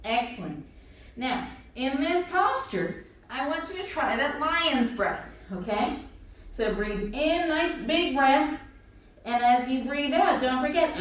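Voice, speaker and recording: A woman's voice: sits high, animated, slow pace, recorded from a distance. A woman leading a guided yoga class for children and their adults, giving encouraging, playful instructions. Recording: echoey room, voice from off-mic.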